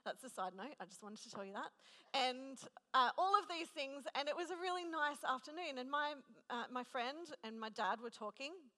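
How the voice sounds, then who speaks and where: Bright, high-voiced woman preaching in a reverberant hall. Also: normal speed. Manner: chatty, self-deprecating, animated storytelling. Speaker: preacher at a women's gathering. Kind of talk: conversational sermon with personal story.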